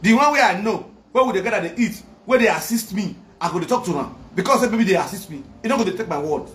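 A man's voice: high-pitched, lively intonation, fast talker. Emphatic Nigerian man ranting on a live video. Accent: Nigerian Pidgin English. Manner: loud, emphatic, repetitive preaching. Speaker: social media commentator. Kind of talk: casual live video rant.

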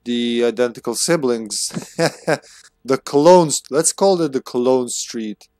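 Man, gameplay commentary, musing, chuckly, mid pitch, dry close sound. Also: takes it slowly, mellow, dry recording. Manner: musing, chuckling, reads game notes aloud. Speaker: game streamer.

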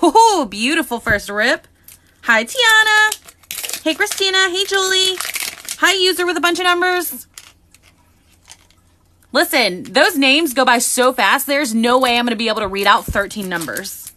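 A woman hosting a live unboxing, chatting excitedly and greeting viewers by name. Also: high-pitched, unhurried, pauses often, a little hiss or hum. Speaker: live-stream host.

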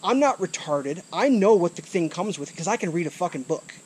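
In an angry to-camera rant recorded outside by a trailer, a frustrated man swears often and goes over the same points again and again. His voice sits high with lively intonation and a darkish tone, brisk in pace, with slight background noise.

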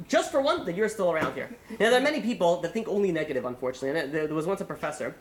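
A man's voice: a little high, slight background noise. A man, a rabbi, giving a holiday sermon in a casual storytelling way, acting out the characters' lines.

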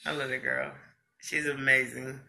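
A man chatting excitedly to his viewers in a casual vlog, gushing, slangy and quick to laugh. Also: medium pitch, gravelly. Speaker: vlogger.

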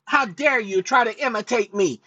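A man voicing his own cranky, childish male alter ego, excitable and stammering as he argues with an unseen helper. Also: extremely high pitch, moderate pace, highs cut off, full character voice. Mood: excited. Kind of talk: comic put-on voice on a video channel.

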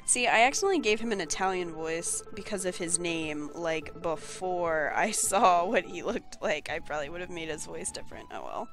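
A woman's voice: lowish voice, lively intonation, moderate pace, soft background music. A young woman giving casual, sarcastic and blunt let's play commentary.

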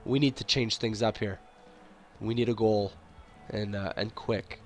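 A young man giving profane let's-play commentary, excitable, yelling and swearing at the game, a bit congested and coughing. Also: fairly low pitch, unhurried, faint music behind. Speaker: gaming YouTuber.

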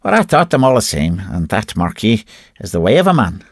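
A man's voice: on the low side, big pitch swings, brisk, no echo, studio quality. A man narrating a classic short story as an audiobook, telling it expressively in the first person.

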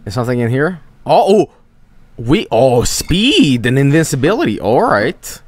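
A man's voice: medium pitch, big pitch swings, normal speed, no echo. A man streaming a game, joking around casually and slipping into silly voices. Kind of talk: casual gameplay commentary.

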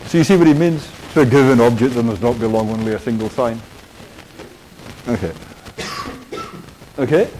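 A man's voice: medium pitch, moderate pace, long pauses, dark tone, a little hiss or hum. A man giving a university philosophy lecture, hesitant with many fillers and dry wit, in a lecture hall.

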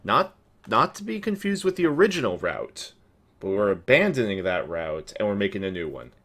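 A man's voice: on the low side, sing-song, moderate pace, fairly bright tone. A man co-hosting a visual novel let's play, joking and teasing his sister in casual banter. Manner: teasing, jokey, slips into voices. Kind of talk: playful casual banter over a game.

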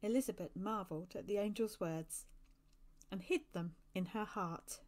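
A woman reading a children's story aloud with lively expression. Her voice sits at an ordinary middle pitch, and she shifts tone as the story moves. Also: normal speed.

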